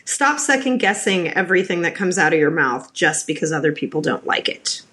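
A woman's voice: lowish voice, very animated, a little fast, fairly bright tone. A middle-aged woman guesting on a podcast, talking in a loose, chatty way. She tells stories with plenty of restarts and asides. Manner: chatty storyteller with many restarts. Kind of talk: casual interview chat.

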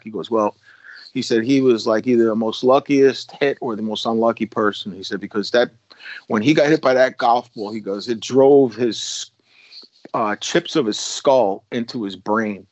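A man's voice: medium pitch, no echo, dull audio. A man, a former police officer, casually telling a long story with many restarts and acted-out quotes. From United States.

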